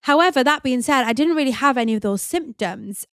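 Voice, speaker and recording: A woman's voice: high voice, lively intonation, a little fast, a bit bright, clear, resonant tone, no room sound. Chatty woman, very dry sound. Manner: chatty and open, many "like" fillers. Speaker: podcast host. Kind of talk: candid personal storytelling.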